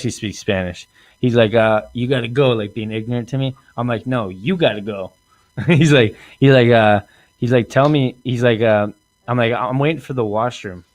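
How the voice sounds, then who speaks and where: A man in his thirties hosting a comedy podcast, telling a story in an animated way, acting out quotes and laughing often. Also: fairly low pitch, dry recording. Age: 30s. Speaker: podcast host.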